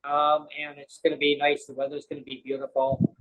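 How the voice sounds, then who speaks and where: A man's voice: fairly high pitch, monotone, a little fast, a bit bright, poor audio. A man hosting a show, chatting casually and jokingly, rambling with many fillers and restarts. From Canada. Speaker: podcast host. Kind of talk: casual chat.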